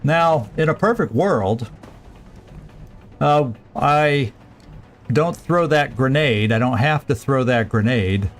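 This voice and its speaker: A man's voice: medium pitch, expressive, slow, pauses often, faint music behind. A man streaming a strategy game, thinking aloud through each move with plenty of fillers and restarts. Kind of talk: casual let's-play commentary.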